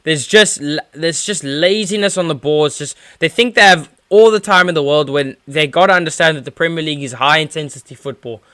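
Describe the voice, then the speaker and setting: Bright-voiced man calling a match live. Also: fairly high pitch, brisk, hardly any pauses, no echo, studio quality. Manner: rambling play-by-play with frequent fillers and restarts. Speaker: football fan streamer. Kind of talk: live watchalong match commentary.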